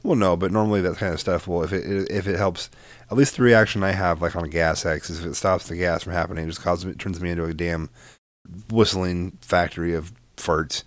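A man's voice: sits low, steady tone, brisk, dry recording. A young man co-hosting a casual podcast chat, telling stories in a rambling, profane way with many restarts. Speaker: podcast co-host.

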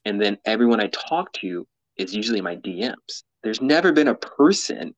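A man's voice: fairly low pitch, big pitch swings, moderate pace, no room sound, highs cut off. Earnest, rambling man guest. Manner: earnest, rambling, laughs often. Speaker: guest, mountaineer and explorer. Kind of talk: candid interview talk. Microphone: podcast mic, camera off.

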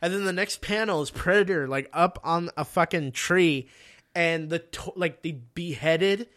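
A man with a fairly high voice tells a story in casual chat. He is animated, swears freely, and jumps into the characters' lines. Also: normal speed.

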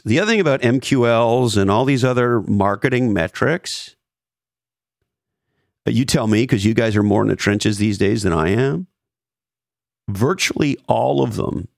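A middle-aged man with a gravelly, fry-laced voice tells stories in a casual podcast chat. He is profane and animated and mimics the people in his stories. His voice sits fairly low and sounds dry and close. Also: no echo. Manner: profane, animated storyteller who mimics others. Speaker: guest, former marketing executive.

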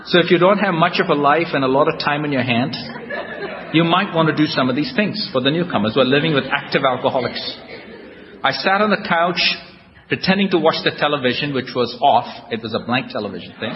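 Wry self-mocking man in an echoey hall. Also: medium pitch. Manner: self-deprecating, wry storytelling. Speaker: guest speaker at a recovery convention. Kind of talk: humorous personal recovery talk. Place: large hall before a live audience. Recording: dull lo-fi hall recording with noise.

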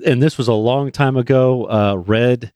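A man's voice: mid-range voice, measured pace, warm tone, clean tone, no echo. A man co-hosting a podcast, joking and self-deprecating in casual banter. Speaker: podcast co-host.

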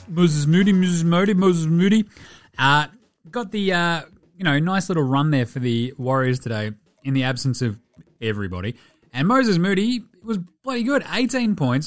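A man with an Australian accent hosting a casual sports podcast, with sweary, jokey, rambling banter. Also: fairly high pitch. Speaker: podcast host.

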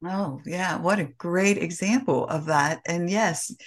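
A woman's voice: fairly low pitch, unhurried. A woman hosting a podcast, chatting casually and affirming her guest. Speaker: podcast host. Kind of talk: casual interview chat.

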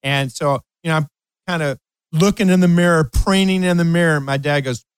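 Here a fairly high-pitched, smooth-voiced man in his late sixties talks briskly on his advice show. As a radio host and coach, he addresses parents emphatically, repeats key phrases, and tells a personal anecdote, in a rough recording with no room sound.

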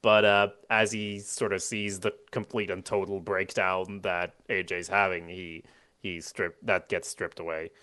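Male podcast co-host: lowish voice, lively delivery. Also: measured pace, clean tone. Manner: animated, acts out reactions, swears casually. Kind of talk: casual TV recap chat.

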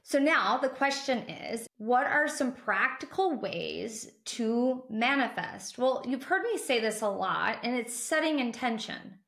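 A woman's voice: a little high, animated, unhurried, few pauses, a bit bright. A woman hosting a motivational podcast, speaking in an upbeat, encouraging way straight to her listeners. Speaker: podcast host. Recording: roomy echo.

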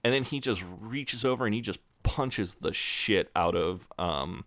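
A man's voice: fairly low pitch, lively intonation, measured pace, fairly bright tone, dry recording. A man co-hosting a podcast, chatting casually, swearing freely and acting out characters' lines. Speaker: podcast co-host. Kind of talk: casual chat recapping a show.

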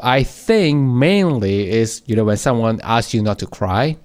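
A man with a mid-range voice sharing his thoughts on a casual podcast. He searches for words as he goes, restarting and repeating himself in a gentle, considered way. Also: mid-range voice, lively intonation, a little slow. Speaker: podcast co-host.

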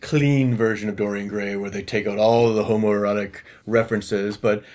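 A man's voice: lowish voice, fairly even intonation, moderate pace, darkish tone. Rambling jokey man in casual chat. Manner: rambling, jokey, puts on mock voices. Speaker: podcast co-host.

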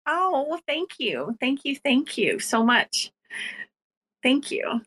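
A woman's voice: high voice, big pitch swings, slow pace, a bit bright. A woman hosting a podcast on writing, encouraging and bubbly as she talks with her guests. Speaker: podcast host. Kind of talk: casual podcast chat about writing.

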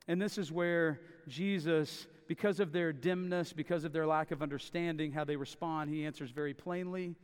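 A man's voice: on the high side, steady tone, moderate pace, few pauses, clear, resonant tone. A man preaching a sermon, emphatic and repeating phrases for stress. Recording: long reverb of a large hall.

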